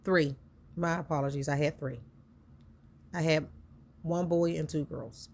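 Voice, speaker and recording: A woman with a somewhat low voice recounts a hard chapter of her life. She talks conversationally and earnestly, circling back and repeating herself, her feelings close to the surface. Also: fairly even intonation, a little slow, darkish tone, a little hiss or hum. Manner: earnest, emotional, conversational with repetitions. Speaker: storyteller. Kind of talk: personal storytelling.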